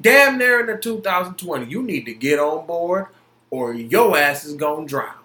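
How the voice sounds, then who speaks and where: Heated high-voiced man ranting, roomy echo. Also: very animated, moderate pace, sharp tone. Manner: heated, profane, emphatic, repeats himself. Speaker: podcast host. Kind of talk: solo opinion podcast rant.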